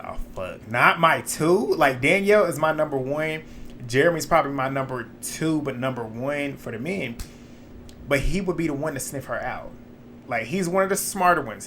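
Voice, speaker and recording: A young man talks through a reality show episode in a loose, chatty recap, blunt and quick to swear or laugh. His voice sits at an ordinary middle pitch for a man. A faint hiss lies under the close home recording. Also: fairly bright tone.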